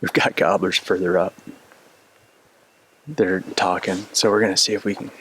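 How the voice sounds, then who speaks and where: A man's voice: low voice, flat delivery, normal speed, fairly bright tone, slightly rough. A man hunting outdoors, talking casually and laughing often as he describes what just happened. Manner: laid-back, laughs often. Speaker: hunter filming a hunt. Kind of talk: casual field commentary. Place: outdoors in a canyon. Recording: outdoor audio with music underneath. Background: background music.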